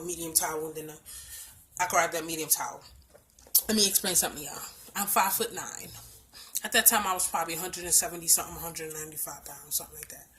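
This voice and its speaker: A woman with a Bronx New York accent telling a personal story in a casual vlog, blunt and emphatic, with lots of swearing, swinging from hushed to loud. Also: fairly low pitch, a little hiss or hum. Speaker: storytime vlogger.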